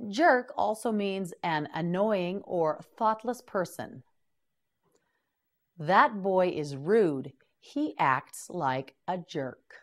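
A woman teaching English vocabulary to beginners in a scripted drill, slowly repeating each word and prompting the listener to say it back. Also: fairly low pitch, animated.

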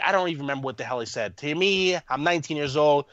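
A man in his thirties, a guest on an interview podcast, telling a story in a rambling, animated way with lots of fillers. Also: on the high side, quick pace, hardly any pauses, no room sound. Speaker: podcast guest, army veteran. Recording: muffled lo-fi, dry room.

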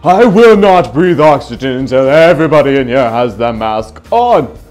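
A man's voice: mid-range voice, sing-song, normal speed, darkish tone. Mock-dramatic man over music. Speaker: vlogger. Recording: music playing underneath.

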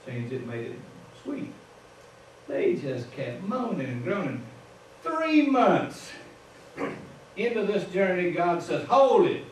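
Preaching informally in a church sanctuary, a man with a Midwestern American accent tells his story folksily and chuckles at his own digressions. His high voice is sing-song and slow, and he pauses often. The mic is far away in an echoey room, picking up a little hiss or hum.

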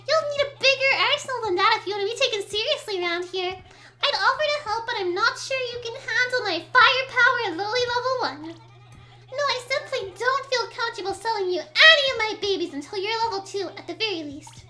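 A woman's voice: extremely high pitch, lively intonation, fairly quick, sharp tone, full character voice. A woman reading the lines of a fussy, snobbish male crab weapons dealer in a video game, with a prim, condescending manner. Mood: snooty. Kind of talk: reading game dialogue aloud.

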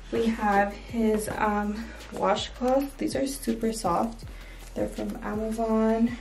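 A woman's voice: on the high side, gravelly, roomy sound, recorded from a distance, very noisy. A young woman casually showing her baby's nursery in a chatty, rambling way, full of "like" and "um". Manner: chatty, filler-heavy, with frequent "like" and "um". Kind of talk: casual home tour chat. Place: indoors in a home nursery.

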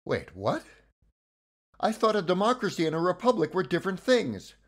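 A man voicing a puzzled, skeptical male viewer who questions what he hears, in his own husky voice. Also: sits high, very animated, moderate pace. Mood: incredulous. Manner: incredulous, questioning.

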